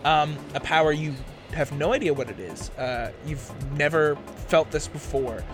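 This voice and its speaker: A man serving as game master, narrating a tabletop role-playing scene in a halting way, with many ums and likes. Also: on the high side. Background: background music.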